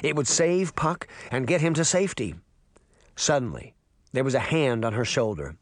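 A man narrating a storybook aloud with an expressive reading. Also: mid-range voice, normal speed, no room sound, studio quality. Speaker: audiobook narrator.

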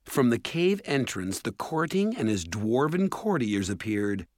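A man narrating a storybook in a measured, steady way. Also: mid-range voice, no room sound. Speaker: audiobook narrator. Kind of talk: scripted narration.

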